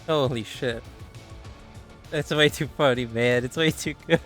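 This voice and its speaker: A man's voice: medium pitch, measured pace, pauses often, a bit bright, faint music behind. A man streaming a game, chatting casually, laughing a lot and repeating the game's lines. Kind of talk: casual gameplay commentary.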